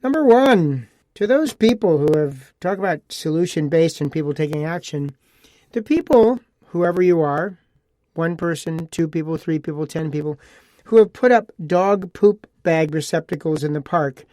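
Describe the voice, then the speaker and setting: A man's voice: on the high side, animated, moderate pace, mellow, no room sound, clean studio sound. A man hosting a casual solo podcast. He talks in a chatty, rambling way, repeating phrases and adding asides. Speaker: podcast host.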